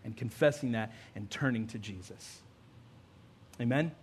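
A man's voice: medium pitch, a little slow, slight background noise. A man, a pastor, preaching a sermon in a conversational storytelling way, with emphatic rising build-ups.

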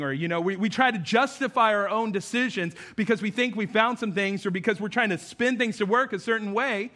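Bright-voiced, animated male pastor preaching. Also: a little fast. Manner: animated, shifts between loud emphasis and low intimate tones. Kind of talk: sermon. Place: church sanctuary.

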